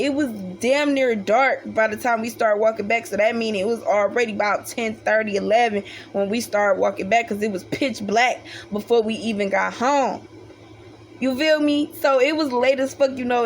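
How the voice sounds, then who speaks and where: A young woman talks straight to her camera in a loose storytime monologue, cursing freely and acting out family members' lines. Her voice sits a little high, and a faint hiss runs under it. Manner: animated, profane, acts out the voices of family members. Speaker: vlogger telling a childhood story.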